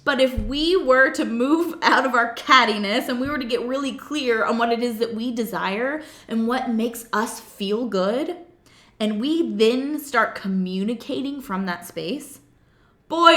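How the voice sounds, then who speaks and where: A woman coach giving a playful, animated motivational talk. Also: a little high, unhurried. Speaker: self-love coach. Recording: roomy echo.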